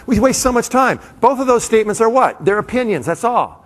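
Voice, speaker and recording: A man giving a live, comedic motivational talk to an audience, animated and full of quick asides to the crowd. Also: high voice. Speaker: motivational speaker. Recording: long hall reverb.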